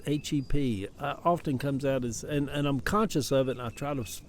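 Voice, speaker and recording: A man's voice: mid-range voice, steady tone, normal speed, hardly any pauses, darkish tone, slight background noise. A man in his seventies with a Southern American accent, talking in a rambling, folksy way in a casual vlog, out in his garden. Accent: Southern American, Atlanta Cabbagetown dialect. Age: 70s. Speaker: social media storyteller. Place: outdoors in a backyard garden.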